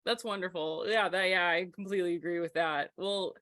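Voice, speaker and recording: A woman hosts a podcast interview in a casual, chatty way, full of enthusiasm and quick laughs. Her voice is bright and forward. The sound is close and dry. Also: fairly low pitch, fairly even intonation, no room sound. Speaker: podcast host.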